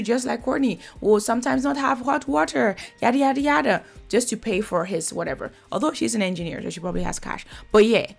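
A woman's voice: mid-range voice, gravelly. A woman giving blunt, chatty commentary while reviewing a reality TV episode. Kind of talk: casual reaction commentary.

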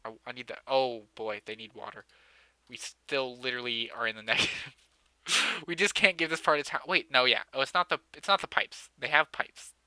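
A man's voice: mid-range voice, brisk, pushed and bright, no echo. A young man giving casual let's-play commentary as he builds a city in a game, joking sarcastically and mocking himself. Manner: joking, sarcastic, self-mocking, often laughing.

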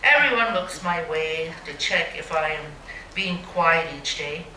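Slow, wry woman poet in a roomy hall. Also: low voice, sharp tone, a little hiss or hum. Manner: wry, mocking, dry humor. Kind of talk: live poetry reading. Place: museum gallery. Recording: roomy hall, mic at a distance.

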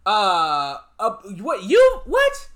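A man's voice: high voice, huge pitch swings, extremely slow, a bit bright, exaggerated voice. A man doing a scratchy, baffled TV host impression. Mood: incredulous. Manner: baffled repeated questions. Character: incredulous male TV host impression.

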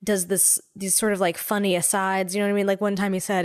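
Woman podcast cohost, middle pitch, rambly casual chat with lots of likes. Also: quick pace, clear, resonant tone. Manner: chatty, lots of fillers and upspeak, animated. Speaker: podcast co-host.

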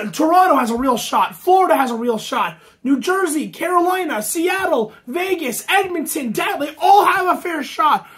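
A woman hosting a hockey fan show, ranting with sarcastic outbursts and hoarse from screaming. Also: high-pitched, moderate pace. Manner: excitable, ranting, sarcastic, often shouting. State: losing her voice from screaming. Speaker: hockey podcast host. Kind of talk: fan commentary rant.

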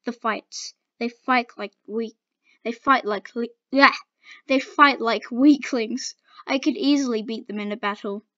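A woman voicing a tall, stoic woman who speaks bluntly and deadpan, in a dull lo-fi home recording. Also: on the high side. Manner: deadpan, slow.

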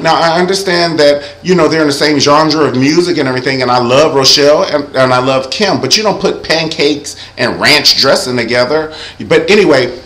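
A man's voice: mid-range voice, normal speed, few pauses, fairly bright tone, reverberant, low-quality recording. A young man giving a sassy, campy recap of an awards show, breaking into sung impressions. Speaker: vlogger reviewing an awards show.

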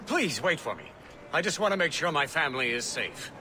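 A man's voice: fairly high pitch, very animated, fairly quick, music in the background. A courteous old statesman. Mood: earnest. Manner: formal, polite old-fashioned speech. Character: courteous older male statesman, grateful. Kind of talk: video game dialogue.

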